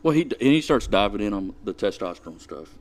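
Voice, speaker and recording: A man's voice: lowish voice, big pitch swings, fast talker. A man, a podcast guest telling a story in a drawling, laid-back way, acting out both sides of a conversation. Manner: drawling, laid-back retelling with quoted dialogue. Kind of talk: casual storytelling.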